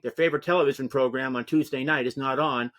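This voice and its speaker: A male interview guest who talks quickly and keeps things lively. He moves through political history in a discursive, storytelling way, in a casual conversational tone. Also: medium pitch.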